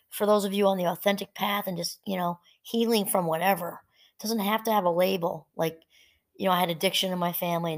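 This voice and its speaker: Recording from home, this mid-range-voiced podcast host speaks alone on mindfulness in a relaxed, meandering way, breaking off into asides and starting sentences over. Now and then she reads aloud from a book.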